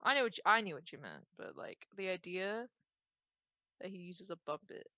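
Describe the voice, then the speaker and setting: A woman's voice: fairly low pitch, expressive, moderate pace, sharp tone, dry recording, studio quality. A woman co-hosting a game stream, chatting casually and telling rambling, giggly stories. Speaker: streamer co-host. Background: game music.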